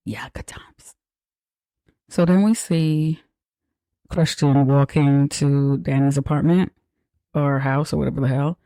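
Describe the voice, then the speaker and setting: A man hosting a podcast, retelling a film in a casual, profane, animated way. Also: on the high side, gravelly, no echo. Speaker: podcast host. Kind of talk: casual movie recap.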